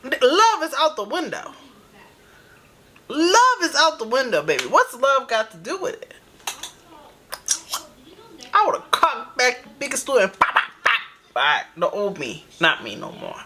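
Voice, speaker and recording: A woman's voice: high-pitched, wildly swooping pitch, measured pace, pauses often, bright, forceful tone, a little hiss or hum. A woman hosting a reaction video, chatty and laughing as she comments, calling the listener baby. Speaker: reaction channel host.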